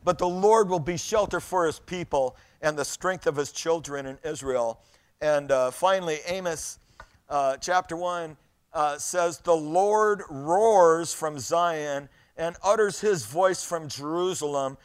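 A middle-aged man preaching a sermon, reading scripture aloud and telling stories in an animated way, often repeating his words. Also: a little high, a little slow, clear, resonant tone. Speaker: pastor.

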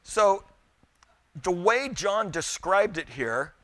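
A middle-aged male pastor preaching with a bright, forceful voice that sits a little high. He tells homely stories and turns often to his listeners. The sound is dry and close. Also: animated, slow, no room sound. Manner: folksy storytelling, addressing the congregation directly. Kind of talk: sermon.

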